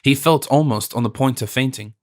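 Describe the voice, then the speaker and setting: A man narrating a classic novel in a steady, formal storytelling manner. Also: mid-range voice, a little fast, no echo, studio quality. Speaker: audiobook narrator. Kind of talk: scripted narration.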